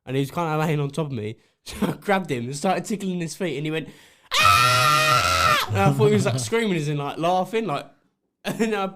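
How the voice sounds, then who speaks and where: A man's voice: fairly high pitch, fast talker, very noisy. A man co-hosting a podcast, telling a rambling story in casual chat and giggling often. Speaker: podcast co-host.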